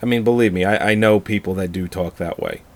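A man's voice: low-pitched, fast talker. A man chatting casually on a podcast, opinionated and swearing freely, often trailing off as he hedges. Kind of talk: casual chat.

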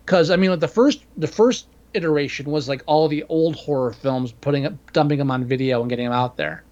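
A man's voice: fairly high pitch, a little fast, darkish tone, dull audio. A man co-hosting a podcast, chatting casually about a horror film with profanity and rambling opinions. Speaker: podcast co-host. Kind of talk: casual movie review chat.

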